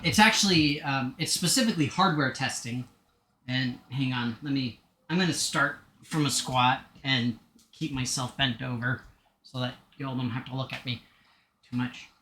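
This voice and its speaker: A man's voice: a little high, bright, forceful tone, echoey room, a little hiss or hum. A man live-streaming a video game, chatting casually in a rambling, self-deprecating way with joking asides. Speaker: gaming streamer.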